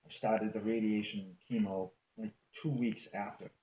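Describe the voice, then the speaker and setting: A man with a fairly low voice tells his own story in an interview. He is animated and acts out the back-and-forth as he recounts it. The recording has a noticeable roomy echo. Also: normal speed, slight background noise. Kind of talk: personal storytelling.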